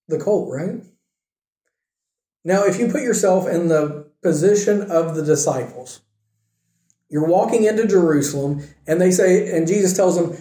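A man's voice: fairly high pitch, mellow. A man preaching a conversational sermon, retelling a story and asking his listeners questions. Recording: echoey room.

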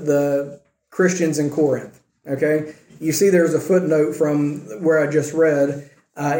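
A man preaches a sermon to his congregation with a relaxed, chatty delivery, checking in with them through little rhetorical questions. His voice sits slightly high but sounds warm and mellow. The room around him rings with echo. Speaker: pastor. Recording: roomy echo.

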